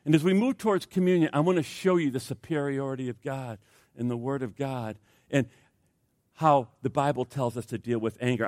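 A man's voice: mid-range voice, a little mellow, no room sound, studio quality. A man preaching a sermon as pastor, chatty and humorous, with many fillers and restarts.

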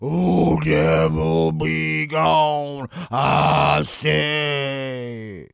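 A man playing a male counsellor who switches from a soft, patient manner to booming revival-preacher exorcism in a comedy sketch. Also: animated, drawn-out words, vocal fry, clean tone, no echo, clean studio sound, full character voice. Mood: fervent, booming.

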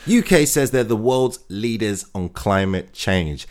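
A man's voice: lowish voice, animated, measured pace. Sarcastic male comic news host. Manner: sarcastic, mock-enthusiastic. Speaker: comedy host.

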